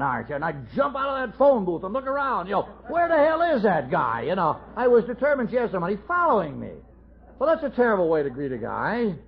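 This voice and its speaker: A middle-aged man telling his recovery story at a meeting, folksy and self-mocking with wry humor. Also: on the high side. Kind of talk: AA speaker talk, storytelling. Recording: dull lo-fi tape recording.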